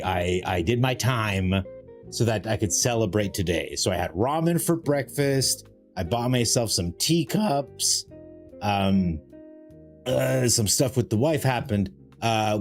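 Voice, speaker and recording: A man chatting casually on a live stream while playing a card game, rambling and self-mocking, greeting viewers in a high sing-song voice. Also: a little mellow. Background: faint music.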